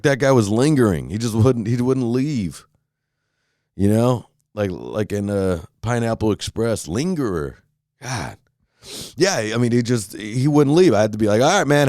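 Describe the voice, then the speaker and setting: Low-voiced guy ranting solo on his podcast, swears a lot, voice jumps all over, dry close sound. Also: warm tone, dry recording. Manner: rambling, swears freely, acts out quoted exchanges. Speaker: podcast host. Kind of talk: casual solo rant.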